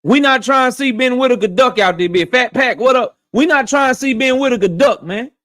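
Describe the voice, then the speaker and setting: Young man, very high voice, boxing talk host, blunt, cussing, repeats himself for emphasis, casual opinionated commentary. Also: a little fast, a bit bright.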